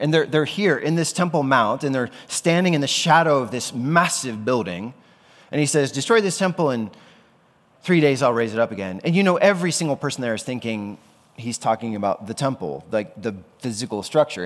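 A man preaching a sermon as pastor, conversational and often asking his listeners questions. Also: mid-range voice. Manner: conversational, asks the audience questions. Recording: long hall reverb.

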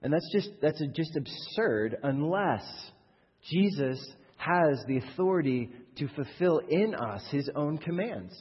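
A man delivering a sermon with a husky edge, talking plainly to his congregation and pressing rhetorical questions as his fervor builds. His voice carries a long reverb from the church hall around him, and the recording sounds dull and lo-fi. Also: a little high, lively intonation, unhurried. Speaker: pastor.

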